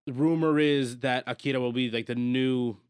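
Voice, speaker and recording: A man co-hosting a podcast, chatting casually through a movie recap, animated and laughing often. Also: moderate pace, clean tone, dry recording, clean studio sound. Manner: animated, laughs often, jumps higher when excited. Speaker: podcast co-host.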